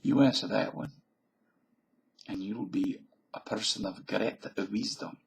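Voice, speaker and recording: A vlogger from Virginia, USA, rambles through a comic monologue to camera in a very gravelly, husky voice that often drops to a breathy near-whisper. His fairly low voice moves a little slowly. Jokey throughout, he contradicts himself and then says he's kidding.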